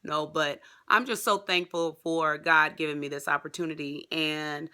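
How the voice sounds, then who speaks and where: A woman with a drawl chats excitedly to her viewers in a casual vlog. Her voice is very bright and forward, and she keeps calling them y'all. The delivery stays loose and talkative, with fillers along the way. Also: low-pitched, normal speed, clear, resonant tone. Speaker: vlogger.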